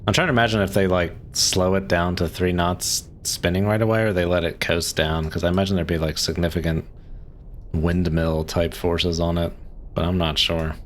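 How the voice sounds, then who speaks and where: Young guy streaming, super low voice, rambly, lots of "like", bit of background hiss. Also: steady tone, normal speed. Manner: rambling, musing aloud with frequent likes and laughs. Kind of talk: casual gameplay commentary.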